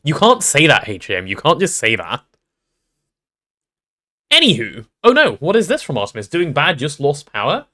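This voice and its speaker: A man's voice: a little high, wildly swooping pitch, normal speed, long pauses, pushed and bright. A man streaming a game live, chatting casually and playfully with his viewers, greeting them and repeating words as he reacts.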